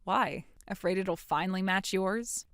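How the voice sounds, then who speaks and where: A woman's voice: medium pitch, measured pace, a bit bright, smooth, no room sound, clean studio sound. A woman playing a sarcastic, defiant young woman. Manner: sarcastic, blunt. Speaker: grown daughter in a voiced story. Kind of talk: dramatic story voice acting.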